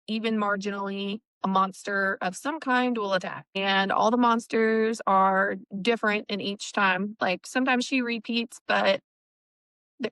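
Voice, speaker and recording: A woman's voice: medium pitch, pushed and bright, clear, resonant tone, no room sound, low-quality recording. A woman co-hosting a casual book discussion, recapping chapters in a chatty way with laughs and fillers. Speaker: book podcast co-host.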